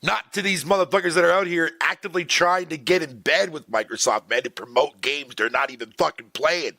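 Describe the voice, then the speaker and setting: A man's voice: on the high side, a little fast, vocal fry, pushed and bright, no echo. A man streaming live, ranting profanely to his chat in a casual, exasperated way. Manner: talks to chat viewers by name.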